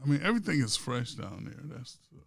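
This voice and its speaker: A man, a pastor co-hosting a podcast, chatting casually about sports and politics and telling stories that build to loud punchlines. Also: medium pitch, big pitch swings, quick pace, gravelly, no echo.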